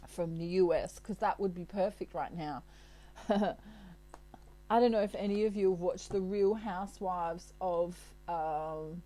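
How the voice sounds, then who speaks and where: A woman's voice: fairly low pitch, dark tone, poor audio. A woman giving a casual tarot reading, chatty and playful, laughing often. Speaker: tarot reader.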